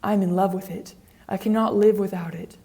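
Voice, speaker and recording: A woman's voice: mid-range voice, fairly even intonation, moderate pace, mellow, lightly acted. A woman reading the lines of a vain young man afraid of growing old, in a graded reader audiobook. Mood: urgent. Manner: pleading, emotional outbursts.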